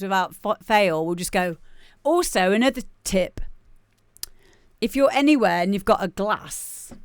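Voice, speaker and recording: A young woman hosting a music show, chatting casually and jokily, sometimes bursting into loud shouted mimicry. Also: medium pitch, clear, resonant tone, no room sound, studio quality. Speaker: radio show host playing listener demos. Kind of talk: casual live-stream chat.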